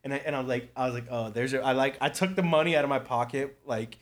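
A man's voice: medium pitch, fast talker. A young man telling a profane party story in casual chat, often laughing as he talks. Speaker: storyteller guest.

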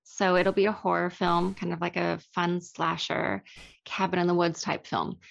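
A woman's voice: on the low side, normal speed, gravelly. A young woman, an actress being interviewed, talking casually and laughing easily at herself. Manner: animated, self-deprecating, laughs often.

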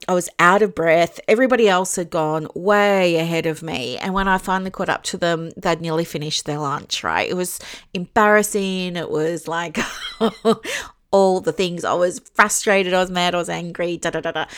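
A woman tells a story from her own life in a loose, rambling chat. Her voice sits a little low, and she fills the gaps with plenty of casual fillers. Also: fairly bright tone, clear, resonant tone. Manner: chatty, rambling, lots of fillers. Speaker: psychologist and private practice coach.

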